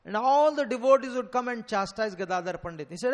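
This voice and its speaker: A man's voice: extremely high pitch, animated, fast talker. A man giving a devotional scripture lecture, telling stories earnestly and stressing key words. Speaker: preacher. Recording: long hall reverb.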